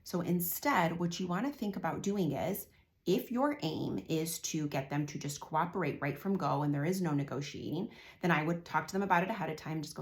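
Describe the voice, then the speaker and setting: A woman in her forties speaks as a parenting coach with a fairly low voice. She explains things calmly and now and then acts out little exchanges between parent and child. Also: fairly quick. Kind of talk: direct-to-camera parenting advice.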